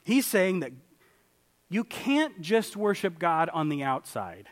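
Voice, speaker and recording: Man in a church sanctuary, preaching with lively pitch, big swings between loud and quiet. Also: slow, long reverb tail. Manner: animated, swings from loud exclamations to quiet asides. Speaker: pastor. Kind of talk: sermon.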